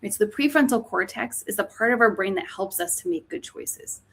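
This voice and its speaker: A woman's voice: mid-range voice, animated, fairly quick, creaky, fairly bright tone, slightly rough. A woman, an author and teacher, explaining mindfulness in a podcast interview, often checking in with "right?". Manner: explanatory, frequent "right?" tags.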